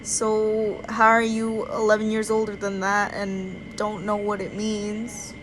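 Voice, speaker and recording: A woman's voice: mid-range voice, monotone, slow pace, fairly bright tone, slight background noise, low-quality recording. A young woman ranting casually into her phone in an exasperated, incredulous way, full of "like". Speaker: vlogger.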